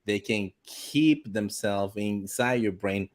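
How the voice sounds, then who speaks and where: A man hosting a casual interview who reads out viewer questions in a relaxed way. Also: lowish voice, slow pace. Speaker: host.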